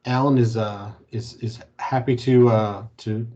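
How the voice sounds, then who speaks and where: A man moderating a corporate training webinar over a video call, easygoing and halting, with many fillers. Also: lowish voice, fairly even intonation, mellow. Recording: muffled video-call audio.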